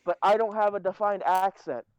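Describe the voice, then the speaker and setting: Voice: medium pitch, fairly even intonation, normal speed, smooth, dry recording. A podcast co-host on a remote call, teasing and laughing often in casual chat. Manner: teasing, laughs often, swings between mumbling and squealing.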